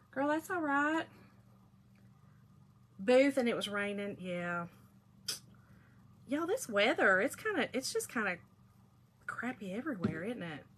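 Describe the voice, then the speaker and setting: A woman's voice: a little high, a bit bright, slight background noise. Chatty woman hosting a craft stream. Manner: chatty and folksy, reads viewer comments aloud. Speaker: craft livestream host. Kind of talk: casual crafting livestream chat.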